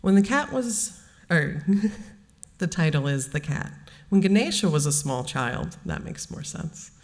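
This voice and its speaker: A woman's voice: sits low, big pitch swings, a little slow. Woman reading a children's story aloud. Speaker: religious education director. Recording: long hall reverb.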